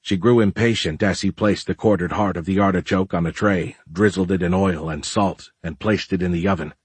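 A man reads an audiobook with a low, husky voice in a steady, even manner. The recording is dry and close, with no room sound. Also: a little fast, no room sound. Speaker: narrator. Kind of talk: audiobook narration.

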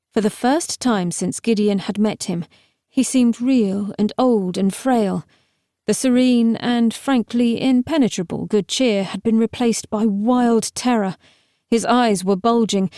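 A woman reading an audiobook as narrator, telling the story in a steady, measured way. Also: a little high, no echo, studio quality. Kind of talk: scripted narration.

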